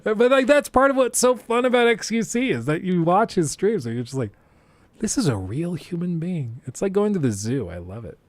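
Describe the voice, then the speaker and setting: A man's voice: high voice, big pitch swings, fairly quick, few pauses. A man chatting casually on a live stream, rambling loosely and slipping into impressions of others.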